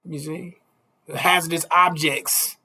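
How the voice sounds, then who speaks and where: Man, preacher, street sermon, chuckling asides, raised pitch. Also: little pitch movement, takes it slowly, pushed and bright. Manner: preachy, repeats "you see?", chuckles between points.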